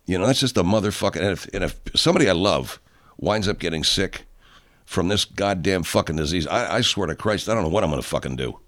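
An older man in a profane, angry rant, swinging from loud outbursts to quiet, low stretches. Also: animated, fast talker. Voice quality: heavy swearing, loud outbursts. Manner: ranting, rising into shouting then dropping low.

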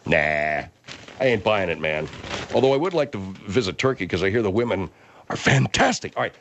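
A brash male radio host on a comedic talk show, combative and quick to yell. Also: deep voice, animated, lo-fi sound, slight background noise. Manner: brash, combative, bursts into yelling.

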